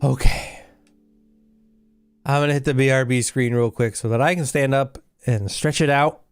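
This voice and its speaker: A man's voice: mid-range voice, steady tone, normal speed, soft background music. A man streaming a story game, chatting casually and joking about his own voice acting.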